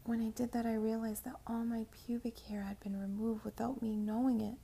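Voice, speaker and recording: A woman voicing a shaken young woman who reads a message quickly and unsteadily, in a whispered role-play. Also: on the high side, level tone, gravelly, mellow, slightly rough. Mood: shaky. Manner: hurried, shaky, whispered like reading a script.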